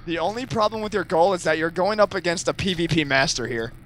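A man's voice: high-pitched, fast, fairly bright tone, a little hiss or hum. A man playing a game with a friend, teasing and laughing in casual banter. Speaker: guest player.

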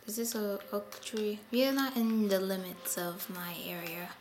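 A woman's voice: medium pitch, measured pace, darkish tone, soft background music. A woman giving casual gameplay commentary, chatty and sighing often as she talks to the animals in her game. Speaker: gameplay video host.

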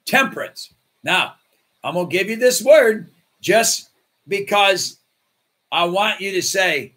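A male pastor delivers a storytelling sermon in a high voice that leaps up and down. His tone is bright and a little husky. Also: slow, pauses often. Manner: animated, acts out voices in his stories.

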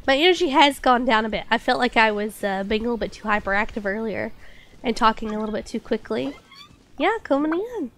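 A woman's voice: on the high side, expressive, brisk, fairly bright tone. A woman game streamer chatting casually and reading chat aloud, still getting over a cold with a slight cough and stuffy nose.

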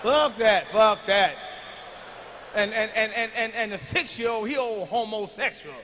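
A man doing a profane stand-up comedy routine, ranting loudly with shouted bursts, recorded on a stage in a large hall. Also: high voice, unhurried, slight background noise.

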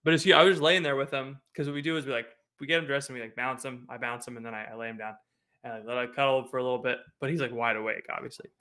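A young man co-hosting a podcast, chatting about his small son in a relaxed way that trails off softly. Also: medium pitch, rapid-fire. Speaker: podcast co-host. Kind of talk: casual chat.

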